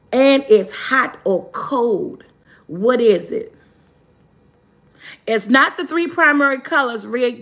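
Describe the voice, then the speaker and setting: High-voiced woman slowly reading game clues. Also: a bit bright. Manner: reads clues slowly, then squeals and cheers for viewers' answers. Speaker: vlogger hosting a live guessing game. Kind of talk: casual live-stream chat.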